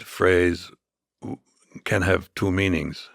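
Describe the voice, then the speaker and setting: Deep gravelly older man telling a story. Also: steady tone, dry recording, clean studio sound. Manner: halting, many restarts and fillers. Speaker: interview guest. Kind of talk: storytelling in a podcast interview.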